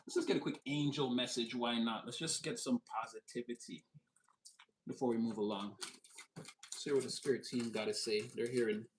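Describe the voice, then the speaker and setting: A man giving a casual, animated tarot reading, with a slangy spiritual pep-talk manner that jumps up in pitch when he gets excited. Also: slight background noise, low-quality recording. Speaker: tarot reader.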